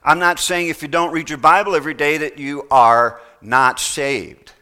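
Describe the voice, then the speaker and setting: A man's voice: on the high side, fairly even intonation, normal speed, pushed and bright. A middle-aged man preaching a sermon, pressing his point with repeated rhetorical questions. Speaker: pastor.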